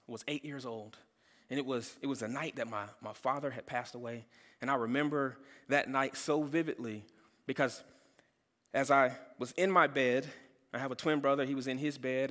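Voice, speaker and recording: A man's voice: mid-range voice, fairly bright tone. A man preaching a sermon, telling a personal story earnestly and often restarting his sentences. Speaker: pastor. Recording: long hall reverb.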